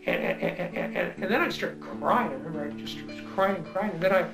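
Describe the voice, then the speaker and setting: A man's voice: on the high side, wildly swooping pitch, brisk, creaky. A middle-aged man, an author, telling a reflective personal story in an earnest way, stumbling over repeated words when moved. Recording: music bed under the voice.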